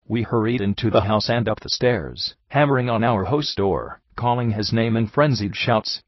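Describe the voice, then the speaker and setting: A man reading a story aloud in a measured, dramatic way, with a husky voice. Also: on the low side, no echo, highs cut off. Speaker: audiobook reader. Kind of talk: scripted narration.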